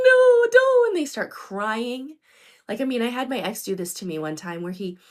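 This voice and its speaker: A middle-aged woman hosting a livestream, talking earnestly and directly to her viewers and often checking in with them. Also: mid-range voice. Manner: earnest, addresses viewers directly with frequent "okay?". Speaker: livestream host. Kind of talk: unscripted livestream talk to viewers.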